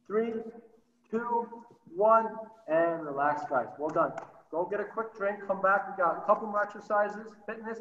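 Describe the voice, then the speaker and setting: A man coaching youth soccer over a video call, energetic and encouraging, calling out short repeated cues. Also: sits high. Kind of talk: virtual training session coaching. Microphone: computer mic on a video call. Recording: roomy, distant, dull sound.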